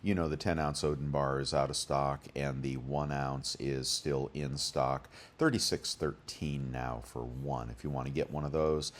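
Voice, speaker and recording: A very deep male voice, rambling and chatty as he works through prices out loud. He hosts his own deals channel and fills the gaps with ums and uhs. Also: steady tone, normal speed, few pauses. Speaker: bullion deals channel host. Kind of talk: casual screen-share commentary.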